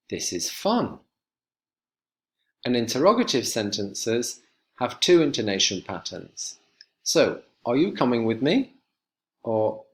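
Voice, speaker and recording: A man teaching an online English lesson, walking students through exercises with slow, clear instructions. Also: on the low side. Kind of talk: recorded online lesson walkthrough.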